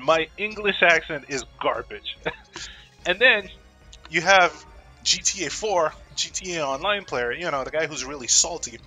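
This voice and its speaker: A man's voice: on the high side, expressive, unhurried, pushed and bright, soft background music. A man vlogging about games in a casual, profane, joking rant. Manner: profane, laid-back, joking. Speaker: gaming vlogger.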